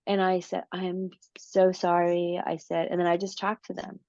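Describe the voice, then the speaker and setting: Woman interview guest, low voice, animated storyteller, dry muffled recording. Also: fairly quick, gravelly, no room sound. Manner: animated, repeats words, acts out her own quotes. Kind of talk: casual storytelling.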